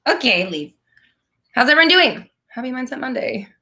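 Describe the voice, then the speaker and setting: A woman's voice: high voice, big pitch swings, normal speed, pushed and bright. Chatty, blunt woman hosting a livestream. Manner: chatty and blunt, swears freely, laughs often. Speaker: manifestation coach hosting a live Q&A. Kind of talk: casual live-stream chat.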